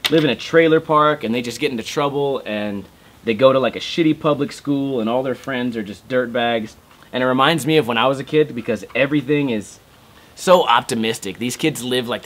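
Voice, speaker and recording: A young man vlogging casually from home, rambling and swearing a lot as he tells stories. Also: mid-range voice. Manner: swears constantly, rambling and animated. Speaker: skateboarding vlogger. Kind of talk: casual chat. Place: home room.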